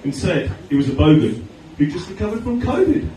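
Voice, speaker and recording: A middle-aged Australian man doing a stand-up comedy set, telling chatty stories with deadpan punchlines. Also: high voice, brisk. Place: comedy venue stage with audience laughter. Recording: echoey room from far off, noisy.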